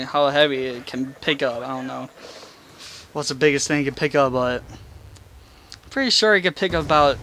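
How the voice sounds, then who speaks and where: A young gaming host with a slightly high voice rambles, swears and mocks himself while commenting on gameplay from a room in his house. Slight background noise comes through his face cam desk mic.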